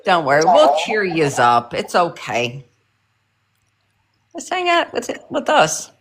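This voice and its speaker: A woman's voice: on the low side, huge pitch swings, takes it slowly, background noise. A woman in her fifties hosting a casual live stream chat, talkative and reassuring, calling her guests honey. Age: 50s. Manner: chatty, reassuring, calls people honey.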